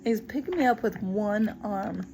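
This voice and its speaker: A woman telling a personal story in a lively, expressive way, acting out other people's lines as she goes. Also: medium pitch, a little slow, slight background noise, rough recording. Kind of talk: personal story told to the camera.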